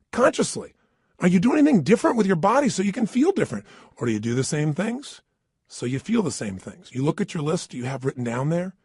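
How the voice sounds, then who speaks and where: A man's voice: a little high, a little mellow, breathy edge, no echo, clean studio sound. A middle-aged man giving an emphatic motivational talk, standing at a microphone and firing rhetorical questions at the listener. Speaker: motivational speaker. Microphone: standing and speaking into a microphone.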